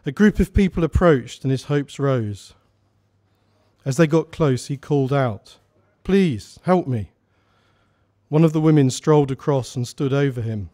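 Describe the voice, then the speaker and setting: A man reading his short story aloud at a live salon, narrating at a steady, measured pace. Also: medium pitch.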